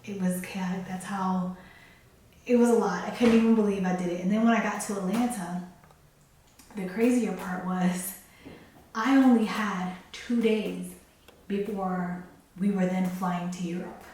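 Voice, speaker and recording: A woman's voice: mid-range voice, steady tone, measured pace, dark tone, a little hiss or hum. Woman, young adult, casual vlog storytelling, chatty, emotional, laughs, very echoey room, distant mic. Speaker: vlogger.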